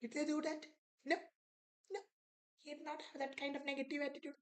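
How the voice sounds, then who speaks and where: A woman's voice: high voice, flat delivery, a little fast, rough recording. A woman, teaching an online exam prep lesson, repeating key words and acting out an author's attitude.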